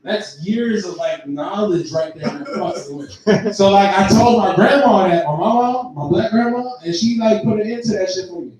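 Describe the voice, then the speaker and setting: High-voiced young comedian in an echoey club. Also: male voice, normal speed. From Texas. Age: 20s. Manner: profane, storytelling, laughing at own jokes. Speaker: stand-up comedian. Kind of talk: stand-up set. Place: live comedy venue with audience. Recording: echoey room, far mic, crowd. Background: audience reactions.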